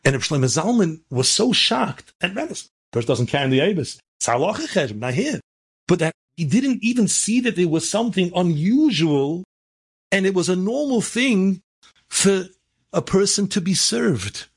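Gravelly-voiced rabbi telling stories. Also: male voice, high-pitched, sing-song, normal speed. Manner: anecdotal, building to fervent, emphatic exhortation; sprinkles Hebrew and Yiddish terms. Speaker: rabbi and speaker. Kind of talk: storytelling sermon.

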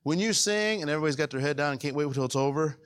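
A man preaching a conversational sermon as pastor, often asking the congregation if they follow, with his voice swinging between raised and hushed. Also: fairly high pitch, animated, rapid-fire, clean tone.

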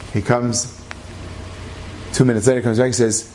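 A man's voice: medium pitch, moderate pace, pauses often, a little hiss or hum. A man telling a story aloud in a conversational way, acting out each character. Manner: lively, conversational, acts out all the voices. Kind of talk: oral storytelling.

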